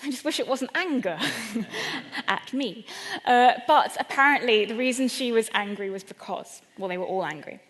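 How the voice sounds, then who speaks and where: A British woman comedian telling a personal story on stage, animated and self-deprecating, often laughing between lines. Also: a little high, normal speed. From Britain. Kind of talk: stand-up storytelling talk. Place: event venue in London. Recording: echoey hall at a live event.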